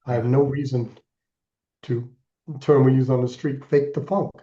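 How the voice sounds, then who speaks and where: A man in his sixties speaks as a podcast guest, recounting his past earnestly and deliberately, now and then pressing hard on a word. His voice is mellow and dark. The recording is a bit dull and lo-fi. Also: mid-range voice, flat delivery. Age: 60s. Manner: earnest, deliberate storytelling with emphatic bursts. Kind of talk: personal story in interview.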